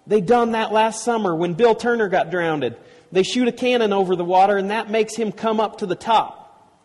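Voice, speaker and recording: Man doing a plain-spoken country boy, rough, storybook reading, high pitch, husky, echoing hall. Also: normal speed, dark tone. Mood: eager. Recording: long reverb of a large hall.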